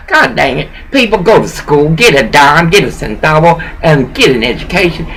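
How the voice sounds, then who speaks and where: A low-pitched, very animated woman vlogger talks at a moderate pace with few pauses and a fairly bright tone, recording on her laptop webcam at home. Her rambling personal monologue is preachy and emotional, swinging from laughter to bitterness, with slight background noise and poor audio.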